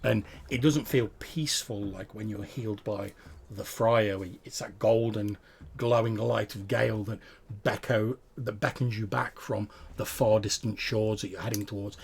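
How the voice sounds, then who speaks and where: A man's voice: lowish voice, steady tone, normal speed, gravelly, a little hiss or hum. A man narrating a tabletop game as game master, describing the action with small hesitations.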